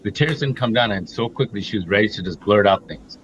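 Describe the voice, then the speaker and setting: A man's voice: lowish voice, animated, a little fast, a bit bright, dull audio, a little hiss or hum. A middle-aged man co-hosting a reaction talk, emphatic and blunt, laying out his points one by one. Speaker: co-host. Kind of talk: opinionated reaction commentary.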